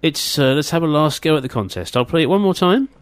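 A man's voice: a little high, lively intonation, quick pace, no room sound. A man hosting a local radio show, chatting casually with fillers and playful repeats.

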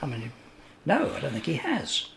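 A man co-hosting a local radio show, answering in a deadpan, agreeable way. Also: medium pitch, normal speed, vocal fry, a crowd in the background. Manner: deadpan, agreeable, laughs easily. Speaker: radio co-host. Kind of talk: casual radio chat.

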